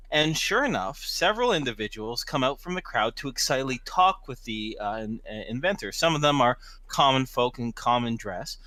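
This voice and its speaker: A man's voice: medium pitch, sharp tone, no room sound. A man narrating as game master of a tabletop game, rambling with many restarts.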